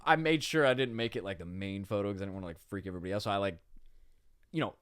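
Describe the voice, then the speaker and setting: A man's voice: fairly low pitch, racing, fairly bright tone, clean tone, no room sound, clean studio sound. Laid-back slangy man telling a story. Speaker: podcast guest. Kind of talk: casual storytelling chat. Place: podcast studio.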